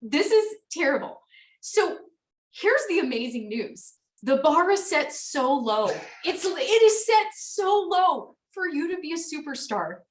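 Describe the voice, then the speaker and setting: Frank encouraging woman leading a sales team call, kinda high voice, sounds far off in an echoey room. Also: sing-song, unhurried. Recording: roomy echo, distant from mic.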